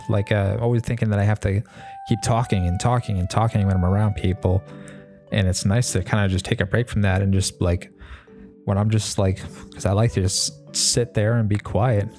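Low-voiced man rambling casually. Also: fairly even intonation, fairly quick, a little mellow, soft background music. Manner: rambling, with many fillers and restarts; laid-back, swears casually. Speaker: mechanic. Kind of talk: casual monologue.

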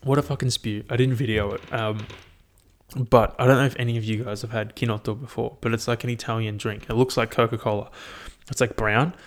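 A man's voice: mid-range voice, fairly even intonation, brisk. A young man, chatting casually on his own about his year, rambling, swearing often and laughing at his own stories, recorded on a headphone mic. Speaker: vlogger. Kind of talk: casual solo year-review chat.

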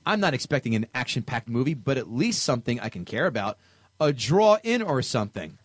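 Man, podcast co-host, mock-dramatic reading, lively pitch, dry close sound. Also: fairly quick, no echo. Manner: reads reviews aloud with mock dramatic emphasis. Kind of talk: comedic podcast chat.

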